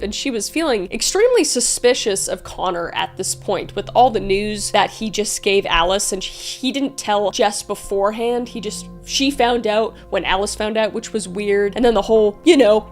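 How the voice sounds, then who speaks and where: A woman telling a true-crime story in a chatty, profane way, with frequent asides to the viewer. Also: on the high side.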